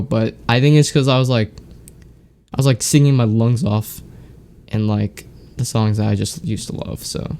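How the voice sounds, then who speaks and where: A man's voice: mid-range voice, fairly even intonation, moderate pace, dark tone. A teenage boy hosting a podcast alone, rambling in casual chat with lots of fillers and restarts, sounding congested from a sore throat. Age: teens. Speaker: podcast host. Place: home, alone.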